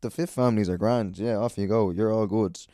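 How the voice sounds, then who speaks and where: Deep, sweary Irish man rambling. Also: fairly quick, mellow, dry recording, studio quality. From Ireland. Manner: sweary, rambling, self-mocking. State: out of breath. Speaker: podcast host. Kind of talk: solo podcast chat.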